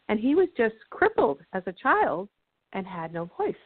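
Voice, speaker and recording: A woman guest explains her ideas about emotional energy on a call-in talk show, pausing as she builds her stories. Her medium-pitched voice comes through a tinny phone line with a dry, close sound. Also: very animated, no echo. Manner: explanatory and storytelling, with measured pauses. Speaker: guest, energy healer and author. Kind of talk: radio call-in interview.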